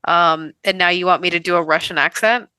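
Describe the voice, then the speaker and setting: A woman's voice: on the low side, steady tone, fairly quick, bright, forceful tone, clear, resonant tone, no room sound, rough recording. A woman co-hosting a podcast, talking bluntly in casual chat, joking and swearing. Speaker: podcast co-host.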